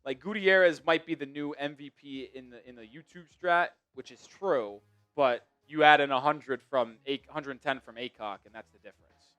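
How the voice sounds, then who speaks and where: A man with a New York accent hosting a live sports stream, chatting excitably and swinging from mumbles to shouts. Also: mid-range voice, moderate pace, clean tone. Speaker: sports show host.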